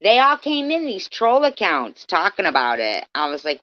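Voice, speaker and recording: A woman ranting profanely on a livestream, swinging from yelling to low muttering, heard through dull lo-fi stream audio. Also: huge pitch swings, normal speed, no room sound.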